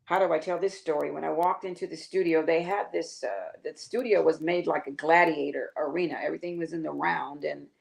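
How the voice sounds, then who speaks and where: An older woman, a guest singer, telling a lively story on a talk show and acting out the quotes with laughter. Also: deep voice, a little fast, vocal fry, hardly any pauses.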